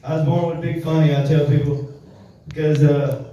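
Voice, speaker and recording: A man's voice: on the high side, flat delivery, normal speed, dark tone, lo-fi sound, a little hiss or hum. Crude man doing stand-up. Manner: crude, loose storytelling with frequent cursing and laughing at his own jokes. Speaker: stand-up comedian. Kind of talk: stand-up comedy set. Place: comedy club room. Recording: echoey room, voice from far off.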